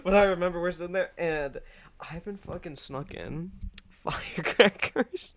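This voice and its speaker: A man's voice: high-pitched, measured pace, a crowd in the background. A man telling a long rambling anecdote in casual podcast chat, swearing often and breaking into laughs. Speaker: podcast co-host. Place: indoor podcast setup.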